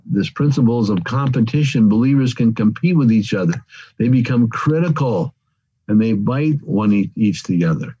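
A man's voice: lowish voice, warm tone, husky, no room sound, dull audio. A man preaching a sermon, calling his listeners friends and working through numbered points. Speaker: pastor.

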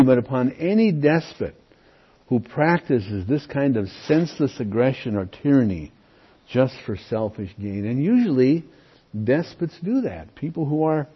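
A man preaches a sermon in a husky voice at an ordinary pitch for a man. He keeps a conversational tone and checks in with his listeners as he goes. The recording sounds dull and lo-fi. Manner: conversational preaching with frequent "okay?" check-ins. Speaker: pastor.

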